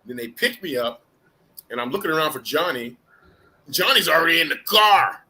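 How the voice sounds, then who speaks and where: A middle-aged man hosting a live chat and telling a casual, animated anecdote, with restarts and the odd curse word. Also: fairly high pitch, moderate pace. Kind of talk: casual storytelling.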